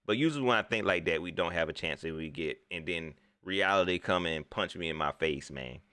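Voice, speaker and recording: Guy hosting a live sports talk stream, bright lively voice, dry close mic. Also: deep voice, a little fast, clean tone, no room sound. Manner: animated, talks straight to viewers, reads chat aloud. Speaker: sports talk livestream host. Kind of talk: casual live sports commentary.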